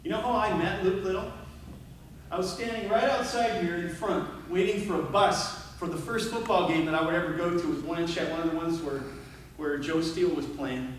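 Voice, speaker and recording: A man with a high voice tells funny school stories at a memorial reunion, acting out the people in them and joking about himself. He is heard from a distance in a very echoey hall, with faint room noise behind him. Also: normal speed. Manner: storytelling, acts out voices, self-mocking humor. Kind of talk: anecdotal memorial speech.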